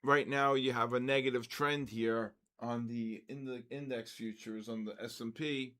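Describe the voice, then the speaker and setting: With a sharp tone, fairly even intonation, medium pitch, and normal speed, a man in his sixties hosts a trading livestream. He's chatty, calls out viewers by name, keeps saying "okay" and "so basically," and describes his method loosely. He grows visibly exasperated at rude comments, getting louder and complaining.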